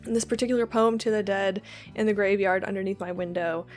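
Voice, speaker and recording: A woman who reads a poem softly, sinking into whispers at the line ends, then explains it in a chatty way with quick asides and ums. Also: mid-range voice, fairly even intonation, faint music behind. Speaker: poetry reader and lecturer.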